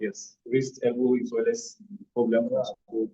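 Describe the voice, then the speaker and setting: Showing physiotherapy techniques on a partner, a man blends short commands with explanations in a hands-on demo. His voice is medium-pitched, dark, and husky, with a level tone and moderate pace, recorded in dull, lo-fi sound.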